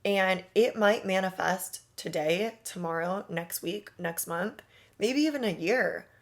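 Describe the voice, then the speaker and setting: A woman's voice: mid-range voice, measured pace. A woman coaching on manifestation in a casual, emphatic monologue, talking straight to the listener with slang and rhetorical questions. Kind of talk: motivational monologue.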